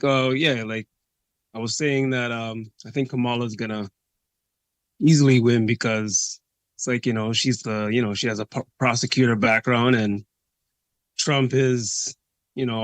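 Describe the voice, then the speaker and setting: A man's voice: mid-range voice, no room sound. A young man with a Caribbean accent, calling in over video and talking hesitantly, full of fillers like "like" and "you know". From Canada. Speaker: caller. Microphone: video call.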